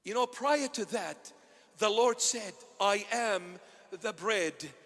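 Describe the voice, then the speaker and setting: High-voiced bishop preaching in a reverberant hall. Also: male voice, animated, takes it slowly. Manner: impassioned preaching, swinging from loud to hushed. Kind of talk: sermon.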